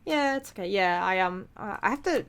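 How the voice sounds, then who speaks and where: A woman's voice: medium pitch, expressive, a bit bright, clear, resonant tone. A woman co-hosting a podcast, retelling scenes in a rambling, casual way full of fillers. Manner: rambling, filler-heavy retelling with quick acted quotes. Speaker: podcast co-host. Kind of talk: casual chat.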